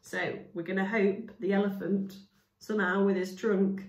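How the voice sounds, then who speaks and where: A woman's voice: mid-range voice, little pitch movement, moderate pace, a little mellow. A woman reading a storybook aloud as a storyteller, with casual asides to her listeners. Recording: echoey room, voice from far off.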